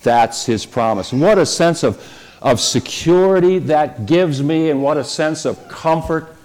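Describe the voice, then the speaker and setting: A man leading a church service, preaching in an easy conversational way and slowing down on key phrases. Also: a little high, a little mellow. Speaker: pastor. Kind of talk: sermon.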